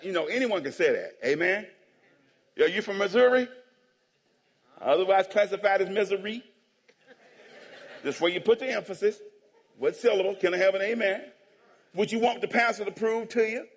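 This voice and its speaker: A man preaching a playful sermon as pastor, joking with the congregation and calling for amens. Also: high-pitched. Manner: playful preaching, calls for amens and jokes with the crowd. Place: church sanctuary. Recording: long hall reverb in a church.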